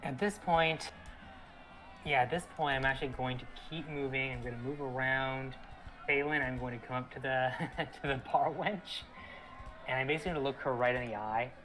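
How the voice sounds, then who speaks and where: A man at a tabletop game describes his character's moves in the first person with animated energy. Faint music plays in the background. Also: mid-range voice, moderate pace. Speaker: player. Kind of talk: tabletop role-play.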